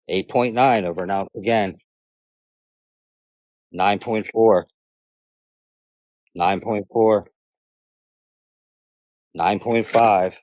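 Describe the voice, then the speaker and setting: A man's voice: lowish voice, a little mellow, no room sound. A man testing product weights in a video, matter-of-fact as he counts out readings.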